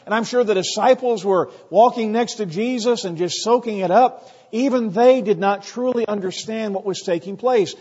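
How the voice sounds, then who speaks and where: A man preaches with emphasis, slipping into the voices of the crowd. His voice sits high. It rings with long reverb in a church hall, through a dull, lo-fi recording. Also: moderate pace, hardly any pauses, a little mellow, breathy edge. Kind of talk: sermon.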